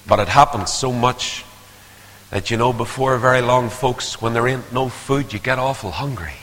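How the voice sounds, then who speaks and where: An older man preaching a sermon, swinging from hushed asides to loud, rising appeals. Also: medium pitch, normal speed. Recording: long hall reverb.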